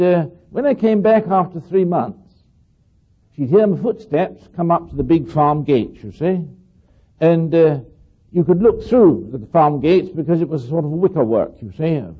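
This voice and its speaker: A man's voice: fairly high pitch, animated, unhurried, breathy edge, lo-fi sound. An older man giving a rambling, anecdotal talk to an audience, often asking his listeners questions and acting out little voices. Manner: chatty, asks listeners questions, acts out voices.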